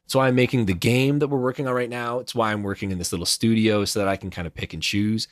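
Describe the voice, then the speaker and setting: A man, a voice actor, talking casually in an interview, chatty and self-deprecating, with quick asides. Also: fairly low pitch, fairly even intonation, no echo, clean studio sound. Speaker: voice actor guest. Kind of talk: casual chat.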